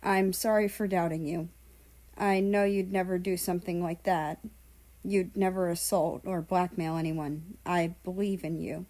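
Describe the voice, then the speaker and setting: Woman voicing a gentle remorseful young man, firm, reassuring, slow, low mellow voice. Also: steady tone.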